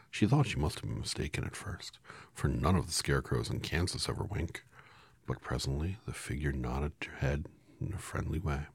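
A man's voice: extremely low pitch, creaky, husky, dry recording. A man reading a storybook aloud in a casual way, now and then correcting his own slips. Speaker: reader.

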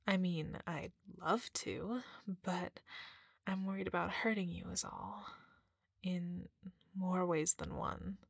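A woman in a whispered role-play, speaking softly and teasingly with a husky, breathy voice close to the mic. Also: on the low side, steady tone, no room sound. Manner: soft, teasing, slow and breathy, with frequent murmurs.

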